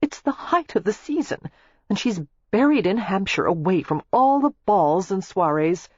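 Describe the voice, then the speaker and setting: A reader voicing a fretful, outspoken young pregnant wife who exclaims impatiently, in a husky voice. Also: female voice, medium pitch, lively intonation, moderate pace, no room sound, muffled recording, voice pushed up. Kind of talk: audiobook character voice.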